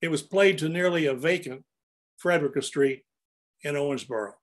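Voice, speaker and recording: A man's voice: on the high side, normal speed. An older man narrating his own photographs in an anecdotal, storytelling way as he presents them.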